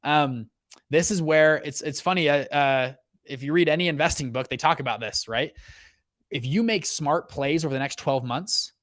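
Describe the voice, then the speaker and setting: The clean studio sound has no room noise, and the young host's voice is a little high at a moderate pace. He manages a fund and runs a casual livestream on investing and economics, speaking with lots of energy, filler words, frequent "okay"s and "right"s, and many restarted sentences.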